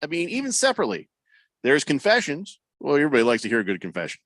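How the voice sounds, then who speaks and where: Joking talk-radio host, lively voice. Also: male voice, on the high side, very fast, dry recording. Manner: teasing, dry joking. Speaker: radio show host reading listener messages. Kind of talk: casual sports-radio banter.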